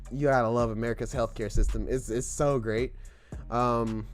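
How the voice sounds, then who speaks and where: A young man hosting a podcast, talking casually in a rambling, joking way and swearing freely. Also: lowish voice. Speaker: podcast host. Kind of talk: casual solo podcast monologue.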